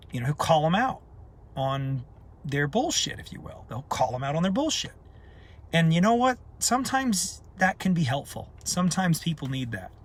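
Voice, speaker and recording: Guy with a kinda high voice going off on a live video, passionate, keeps repeating himself for emphasis. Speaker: community leader. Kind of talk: unscripted live video talk.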